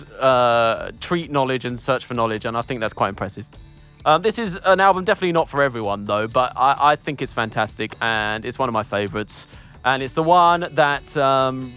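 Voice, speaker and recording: A man's voice: medium pitch, fairly bright tone, smooth. A man reviewing an album in casual group chat, enthusiastic and rambling, with many fillers.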